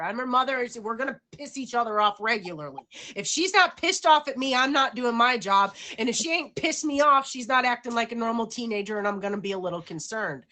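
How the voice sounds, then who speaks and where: A middle-aged woman in casual chat, telling animated stories and acting out exchanges. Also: a little high. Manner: animated storyteller, acts out exchanges.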